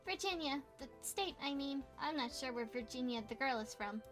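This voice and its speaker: A woman's voice: high-pitched, expressive, normal speed, fairly bright tone, soft background music. A woman voicing a friendly young female student roommate, chatty and light.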